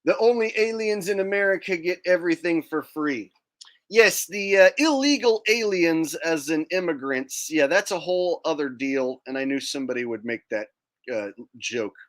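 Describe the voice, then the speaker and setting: A man's voice: a little high, lively intonation, normal speed. A man hosting a livestream, talking casually in a sarcastic, mocking tone and now and then mimicking people in silly voices. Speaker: livestream host.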